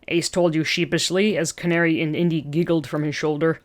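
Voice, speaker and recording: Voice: mid-range voice, flat delivery, brisk, few pauses. A reader narrating a fan story aloud, breaking in with chatty asides and chuckles between passages.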